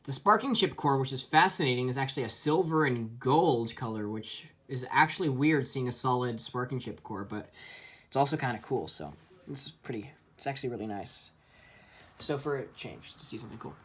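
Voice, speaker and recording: A man's voice: medium pitch, animated, fairly quick, husky. A man giving a casual, enthusiastic toy review, chatty and full of ums.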